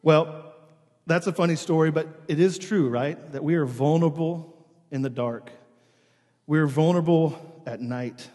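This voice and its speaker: A man's voice: on the high side, a little slow. A man preaching a sermon in a church, reading scripture and then telling stories conversationally. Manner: conversational storytelling with animated imitations. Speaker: pastor. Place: church sanctuary. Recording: long hall reverb.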